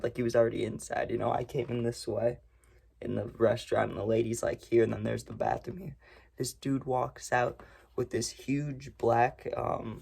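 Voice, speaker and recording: A young man with a gravelly, husky voice tells a long story in a loose, rambling way. He swears freely and keeps the tone casual and laid-back, like he's just chatting to his viewers. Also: mid-range voice, darkish tone. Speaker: storytime vlogger.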